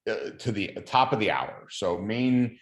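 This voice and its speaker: A man's voice: fairly low pitch, animated, measured pace, reverberant. A man with a Long Island New York accent hosting a partner video call in a friendly, chatty way, with frequent ums and uhs. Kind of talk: casual video call chat.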